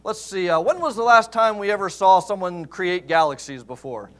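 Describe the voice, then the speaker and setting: A man playing an ordinary man named Jim in a comic aside, halting and full of uh's. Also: high voice, expressive. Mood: musing.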